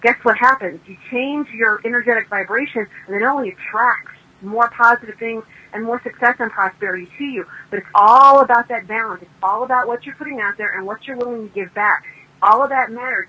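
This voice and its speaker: A woman author tells stories in a casual interview, chatty and emphatic, acting out the people she quotes. Her voice is a little high, brisk, and bright, forceful with a breathy edge, though the audio is dull.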